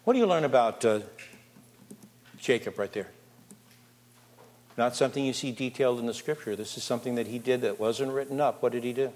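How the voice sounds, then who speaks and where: Animated preacher in a reverberant hall. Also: male voice, mid-range voice, fairly quick, long pauses. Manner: animated, asks the congregation questions. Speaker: pastor. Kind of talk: sermon with scripture reading and congregation questions. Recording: long reverb of a large hall.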